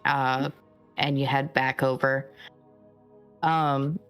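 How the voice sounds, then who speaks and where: Low-voiced, slow woman game master. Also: clean tone, soft background music. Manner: relaxed, rambling, with many fillers. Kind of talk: narrating a tabletop game.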